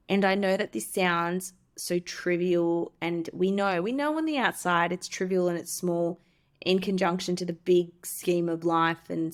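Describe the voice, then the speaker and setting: A woman, a podcast host and coach, candidly telling a personal story and teaching self-help steps, acting out the voices she quotes. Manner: candid, acts out quoted voices with lively pitch jumps.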